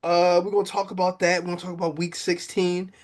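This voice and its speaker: A man hosting a casual football chat, excitable and quick to laugh. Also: high-pitched. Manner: lively, excitable, laughs often. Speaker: podcast host.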